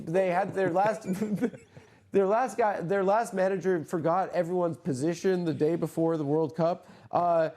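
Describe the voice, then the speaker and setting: A man hosts a casual comedy podcast, his voice sitting a little high but soft and mellow. He riffs in excitable, rambling bursts and curses freely along the way.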